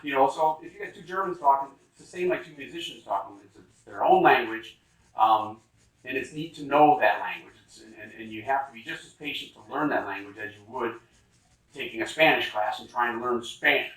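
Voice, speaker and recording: A man's voice: medium pitch, a little fast, a bit bright, far from the mic. Middle-aged male musician, rambling casual talker, off-mic in a roomy space. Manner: chatty, rambling with many fillers and restarts. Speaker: musician guest. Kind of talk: casual conversation. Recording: roomy echo, from away from the mic.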